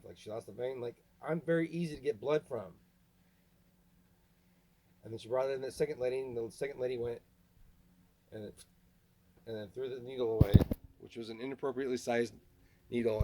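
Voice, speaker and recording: A man delivering an angry, halting rant to camera, full of restarts and swearing. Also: medium pitch, warm tone, rough recording. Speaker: vlogger. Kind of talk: ranting monologue to camera.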